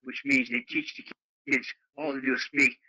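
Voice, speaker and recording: Bright-voiced man on radio chat. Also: mid-range voice, huge pitch swings, moderate pace, breathy edge, no echo, rough recording. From Canada. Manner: rambling, folksy, exclaiming. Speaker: radio net regular.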